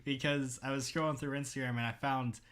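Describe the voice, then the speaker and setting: A man's voice: medium pitch, steady tone, brisk, a bit bright. A man hosting, reading stories aloud and laughing often through casual chat.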